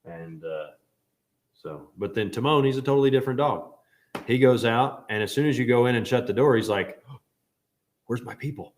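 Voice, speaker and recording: A man teaching a Bible class in a casual, joking way, telling animated stories. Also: medium pitch, fairly quick, reverberant.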